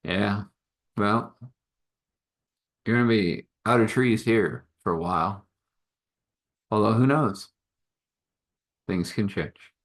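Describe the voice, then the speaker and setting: A man's voice: fairly low pitch, takes it slowly, pauses often. Man voicing a friendly, casual trader, reassuring, storytelling. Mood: kindly. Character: friendly male wandering trader, kindly and casual.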